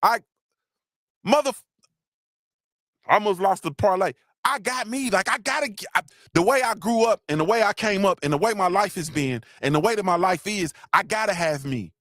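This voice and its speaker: A middle-aged man hosts a live motivational talk in a clean studio recording with no room sound, speaking at normal speed with lively intonation. He preaches, repeats himself, and calls out to viewers by name. As he grows emotional, his voice sinks low.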